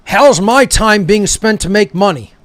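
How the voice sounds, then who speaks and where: A man's voice: high-pitched, animated, a little slow, fairly bright tone, no echo. A male talk show host delivering a heated, profane, confrontational monologue straight at his listeners. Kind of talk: angry ranting monologue.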